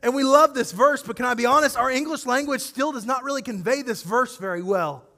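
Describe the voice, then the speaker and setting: A male pastor preaching a sermon, animated and acting out scripture scenes as he speaks directly to his congregation. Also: extremely high pitch, a little fast, big-room sound.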